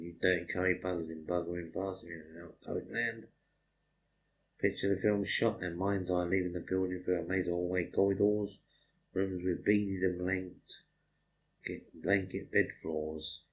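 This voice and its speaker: Low, flat-voiced man. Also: slight background noise, rough recording. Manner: crude, profane stream of consciousness. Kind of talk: rambling spoken monologue.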